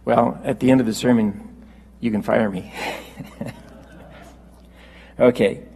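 A man preaching a sermon, unhurried and halting with fillers, rising when he quotes scripture. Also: medium pitch, fairly even intonation, vocal fry, warm tone, in a large hall, slight background noise, poor audio.

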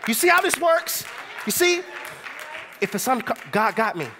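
Young male preacher, fairly high, very expressive pitch, casual and conversational sermon delivery. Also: moderate pace, a crowd in the background, background noise. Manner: animated, conversational preaching with rhetorical questions.

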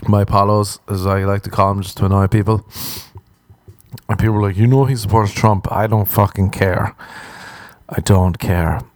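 A man's voice: sits low, darkish tone, dry recording. A young Irish man hosting a podcast, ranting in a profane, exasperated, sarcastic comic monologue. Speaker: podcast host. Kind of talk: comedic solo podcast rant.

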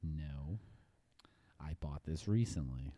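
A man's voice: a bass voice, animated, slow pace, dark tone, no echo, clean studio sound. A man hosting a casual podcast, laughing and telling crude, profane stories. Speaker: podcast host.

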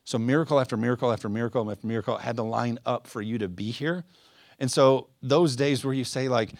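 A man's voice: mid-range voice, a little fast, no echo, clean studio sound. A man preaching a sermon as pastor in a church service, speaking earnestly and with passion, with many fillers and restarts. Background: soft guitar playing.

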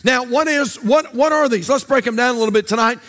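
A man's voice: very high-pitched, a little fast, fairly bright tone. A male pastor preaching a sermon in a church, with a sing-song cadence and repeated phrases. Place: church sanctuary.

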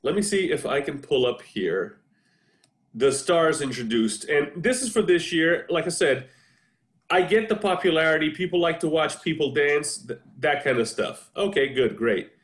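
A man in his forties hosting a casual chat over a video call, an animated storyteller who laughs often. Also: a little high, moderate pace. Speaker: podcast host. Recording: roomy echo.

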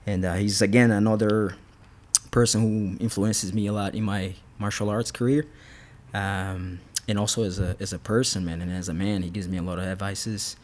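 A man's voice: lowish voice, steady tone, normal speed. A man, a fighter guest on a podcast, telling stories in a rambling, casual way with frequent restarts. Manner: rambling, restarts, laughs often. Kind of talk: casual storytelling interview.

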